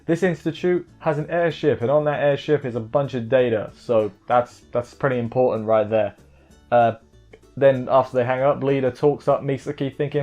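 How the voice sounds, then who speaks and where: A man recapping an anime episode in casual chat, joking and rambling with quick asides. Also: medium pitch, steady tone, a little mellow, lo-fi sound, soft background music. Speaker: anime reviewer.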